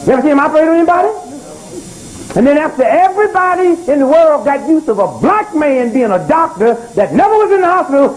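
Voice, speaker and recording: A man's voice: sits high, darkish tone, slight background noise, rough recording. A man giving live social commentary to an audience in a room, talking in a preacherly call-and-response way and often asking "right?" to keep the crowd with him. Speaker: speaker addressing a live audience.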